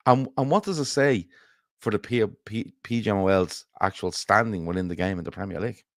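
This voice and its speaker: A man co-hosting a football fan show in casual chat, laughing easily and putting on mock phone calls in a lower voice. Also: a little fast, no room sound, studio quality. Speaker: football podcast co-host.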